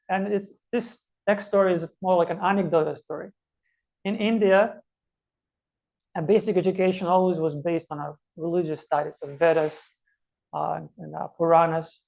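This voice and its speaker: A man teaching a scripture class, telling stories and explaining verses with many pauses and restarts. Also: high-pitched, gravelly, darkish tone. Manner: storytelling, many fillers and restarts.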